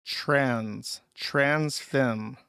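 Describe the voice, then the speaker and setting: A man's voice: medium pitch, extremely slow, creaky, sharp tone, clean tone, no echo, studio quality. A man casually chatting on a livestream, reading out donations with crude, sarcastic remarks.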